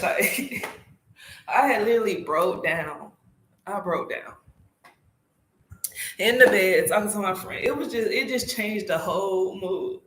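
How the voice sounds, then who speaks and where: A woman's voice: mid-range voice, takes it slowly, long pauses, a little hiss or hum. A woman from South Carolina, telling an emotional story in casual, profane vlog chat at home. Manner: animated, emotional storytelling with frequent swearing. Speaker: motorcycle vlogger. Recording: echoey room.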